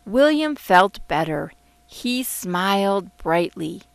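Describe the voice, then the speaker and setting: A woman, the author, narrating her children's storybook in a gentle, expressive way. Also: mid-range voice, slow pace, vocal fry, no room sound. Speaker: author reading her book. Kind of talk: audiobook narration.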